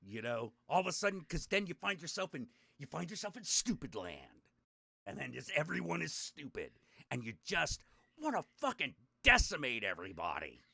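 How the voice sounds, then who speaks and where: Animated, bright-voiced man telling stories. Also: on the high side, normal speed, gravelly, dry recording, studio quality. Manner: animated, swearing, laughing storyteller. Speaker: podcast host. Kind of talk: casual storytelling chat.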